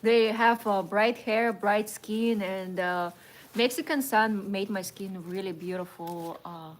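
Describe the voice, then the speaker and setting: Russian-accented woman, halting chatty English. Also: medium pitch, a little hiss or hum. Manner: broken English with many "uh" pauses, laughs often. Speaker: co-host of a livestream. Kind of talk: casual livestream chat.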